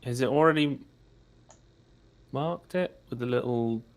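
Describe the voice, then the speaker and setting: Male player, hesitant, average pitch. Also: a little slow. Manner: hesitant, questioning. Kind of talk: casual game talk.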